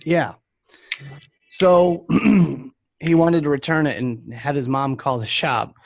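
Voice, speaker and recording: A man's voice: a little high, takes it slowly, vocal fry, no echo. A man hosting a casual chat, telling rambling shop anecdotes with lots of fillers. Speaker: podcast host and vape shop worker.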